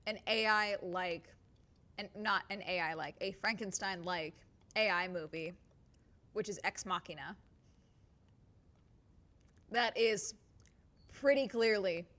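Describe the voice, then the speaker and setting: A woman talks casually on a stream in a middle-pitched voice, rambling and circling back with fillers and false starts. She sounds animated and chatty. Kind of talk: casual livestream chat.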